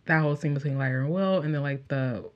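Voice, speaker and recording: A young woman chatting casually as she recaps a show, gushing and animated, with many fillers. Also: low voice, quick pace, lo-fi sound. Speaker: show reviewer.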